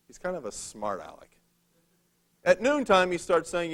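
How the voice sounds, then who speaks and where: A male preacher telling a Bible story to his congregation in loose, everyday language. His voice sits a little high for a man, and he slips in wry jokes as he goes. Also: wildly swooping pitch, moderate pace, long pauses, a bit bright. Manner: casual, conversational retelling with humor. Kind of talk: storytelling sermon.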